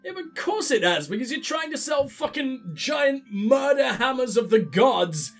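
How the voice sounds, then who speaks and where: A man's voice: very high voice, very animated, normal speed, faint music behind. A man hosting a let's play, rambling and sarcastic as he comments on the game and swears freely. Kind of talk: casual gaming commentary.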